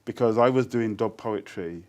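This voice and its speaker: A man in his sixties with a Birmingham accent flavoured by Jamaican speech, talking in a fairly low voice. He tells stories in an animated, easygoing way, laughing often and slipping into quoted voices. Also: moderate pace. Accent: Birmingham English with Jamaican influence. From Birmingham, England. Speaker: interview guest, poet. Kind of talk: casual storytelling interview.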